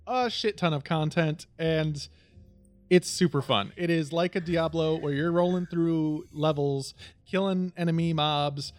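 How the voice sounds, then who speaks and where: A man's voice: on the high side, unhurried, faint music behind. A man hosting a casual gaming chat, rambling and laughing often, swearing casually.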